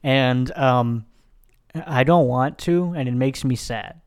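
A man's voice: mid-range voice, slow pace, smooth. Rambling, swearing man. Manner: rambling, profane, many fillers. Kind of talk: casual film discussion.

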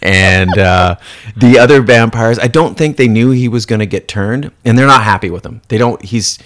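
A man's voice: mid-range voice, moderate pace. A man chatting casually about a film, acting out scenes and swearing freely as he stumbles over his words. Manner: animated, acts out scenes in put-on voices.

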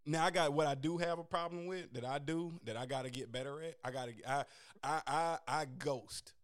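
A man talking casually and candidly about dating, animated and profane, getting loud and high when worked up. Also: fairly quick. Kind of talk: casual chat.

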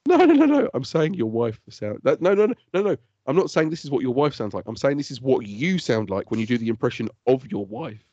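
Guy on a podcast, talks fast, lowish voice, bit dull and lo-fi sounding. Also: dry recording. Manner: excitable, laughs a lot, teasing. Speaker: podcast co-host. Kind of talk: casual chat. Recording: dull lo-fi dry podcast audio.

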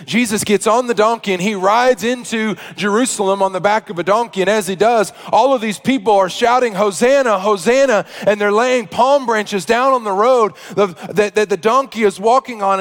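High-voiced man preaching in a hall. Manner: storytelling, shifting from hushed to loud preaching. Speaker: pastor. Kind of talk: sermon.

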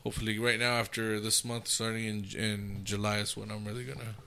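Podcast guest, man, very bright tone, self-mocking, laughs at himself. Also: on the low side, little pitch movement, fairly quick, vocal fry, smooth. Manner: self-deprecating, laughs while talking. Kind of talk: casual chat.

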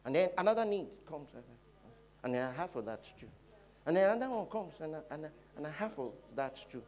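A Nigerian man preaching a sermon, dropping to quiet talk and rising to loud shouts, often repeating his phrases. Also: fairly high pitch, lively intonation, fast. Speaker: pastor. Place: church hall.

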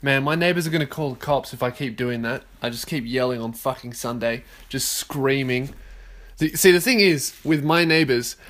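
A man in his twenties with an Australian accent hosts a solo podcast from his own bedroom. His voice sits a bit higher than most men's, and he swears constantly. He rants in loud, fired-up bursts. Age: 20s. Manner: profane, ranting, loud outbursts. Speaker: podcast host. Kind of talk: casual solo podcast rant.

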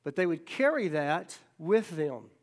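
A man's voice: on the high side, sing-song, unhurried. A middle-aged male pastor giving a folksy, joking sermon, checking in with "okay?" and "right?" and acting out the voices in his stories. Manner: acts out quoted voices in stories.

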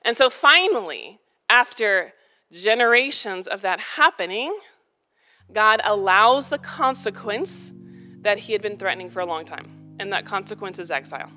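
A woman's voice: mid-range voice, lively intonation, moderate pace, pushed and bright, faint music behind. A woman, preaching a sermon in a conversational, emphatic way, repeating phrases for effect. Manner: conversational, with parenting asides. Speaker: pastor.

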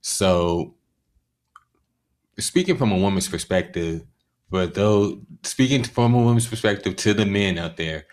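A man's voice: fairly low pitch, lively intonation, unhurried, darkish tone. A man hosting a podcast, steadily leading the talk and asking questions. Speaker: podcast host. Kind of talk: casual chat.

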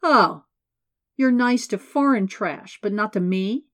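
A woman's voice: mid-range voice, lively intonation, slow, fairly bright tone, dry recording. A woman voicing a rude, hostile male businessman who taunts and sneers, in an audiobook. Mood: sneering. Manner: sneering, goading, then shrieking.

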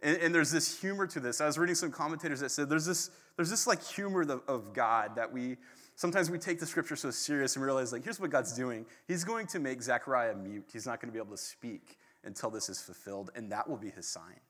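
Bright-voiced pastor, animated and casual. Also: male voice, medium pitch, quick pace. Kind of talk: conversational sermon.

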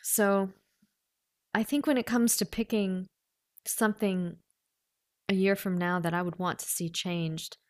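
A woman's voice: mid-range voice, steady tone, unhurried, pauses often, dry recording, studio quality. A woman, a personal coach, talking casually to the camera, reading questions aloud and thinking through her answers with frequent laughs and asides.

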